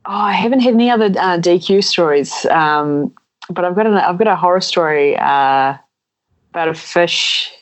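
Animated New man telling stories. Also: high-pitched, normal speed, rough recording. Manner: animated, acts out voices in anecdotes. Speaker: podcast guest. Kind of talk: casual storytelling.

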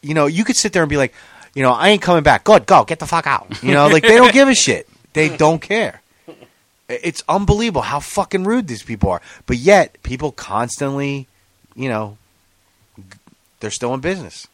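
A man rants in casual podcast chat, his pitch swinging widely and a little high as he piles on the swearing. The sound is dry and close, with no room behind him. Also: moderate pace, no room sound. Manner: profane, animated ranting.

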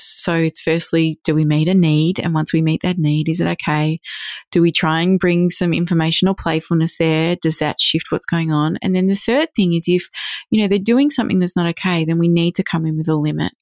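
Low, gravelly woman explaining parenting. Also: a little mellow, dry recording, clean studio sound. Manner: reflective, explains with long examples; acts out quoted thoughts in her own voice. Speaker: parenting coach. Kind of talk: podcast interview.

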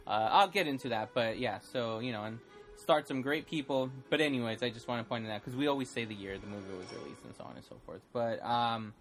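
A man's voice: mid-range voice, quick pace, fairly bright tone, faint music behind. A man co-hosting a movie podcast, teasing his co-host and rambling with many fillers. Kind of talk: casual movie podcast chat.

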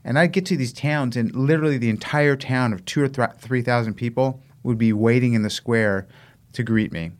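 An American man, a guest runner, telling stories in a casual interview, animated and laughing, acting out the voices of people in his stories. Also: mid-range voice, moderate pace. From United States. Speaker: guest, long-distance runner.

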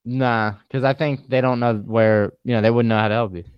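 A laid-back young man chatting casually with a smooth, clear voice at a middle pitch. He pokes fun at himself and laughs often. The sound is dry and close. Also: fairly even intonation, a little fast, no room sound, lo-fi sound. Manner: laid-back, self-mocking, laughs a lot. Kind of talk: casual chat.

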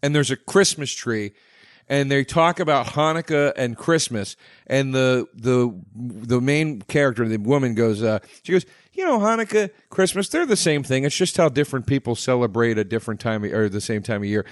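A man's voice: medium pitch, moderate pace, no room sound, studio quality. A man co-hosting a podcast, telling jokes in casual chat and laughing at his own punchlines. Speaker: podcast co-host.

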